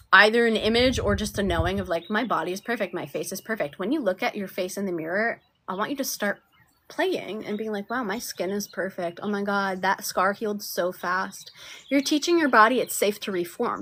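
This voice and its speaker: A woman coaching viewers on manifestation in a soft, affectionate live-stream talk, often sinking to near-whispers. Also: medium pitch. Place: outdoors.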